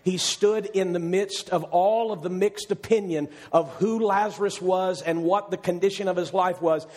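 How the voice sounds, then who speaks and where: A male preacher delivering an impassioned sermon, repeating his phrases and building up to shouted climaxes. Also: high voice, fairly even intonation, normal speed, hardly any pauses.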